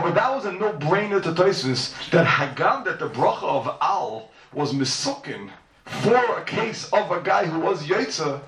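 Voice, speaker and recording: Man, Talmud lecturer, animated with rhetorical questions; gravelly, distant, echoey room. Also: on the high side. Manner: animated, rhetorical questions, sing-song rises. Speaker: Talmud teacher. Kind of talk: yeshiva-style Talmud lecture. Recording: echoey room, speaker far from mic.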